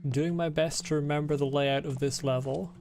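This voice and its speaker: A man's voice: on the high side, steady tone, normal speed, a little mellow, slight background noise. A man casually commentating his game playthrough, laid-back and swearing freely. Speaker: gaming channel host.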